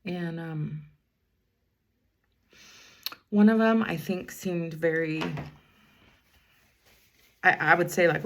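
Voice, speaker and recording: A woman's voice: fairly low pitch, slow, vocal fry, long pauses. A woman in her fifties, a school bus driver, chatting casually while doing her makeup, rambling through a story and breaking off to talk about her eyeliner. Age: 50s. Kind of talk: casual get-ready-with-me chat.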